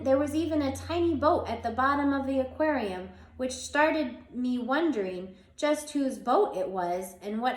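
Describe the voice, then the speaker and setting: A woman reading a children's chapter book aloud with small slips and restarts, voicing the characters as she goes, a bit stuffy from allergies and coughing now and then. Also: on the high side. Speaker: reader. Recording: echoey room, faint background hum.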